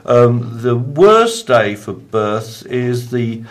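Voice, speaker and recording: A man's voice: medium pitch, very animated, drawn-out words. A man hosting a casual talk show, reading out figures with plenty of fillers. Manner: chatty, reads out figures with fillers. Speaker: host. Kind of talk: casual radio chat.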